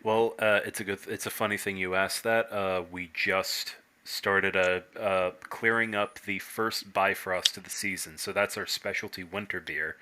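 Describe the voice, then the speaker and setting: Low, bright-voiced hesitant man. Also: fairly even intonation, unhurried, few pauses, clean tone. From United States. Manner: hesitant, many "uh" fillers and restarts. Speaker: brewer guest. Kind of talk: casual podcast chat.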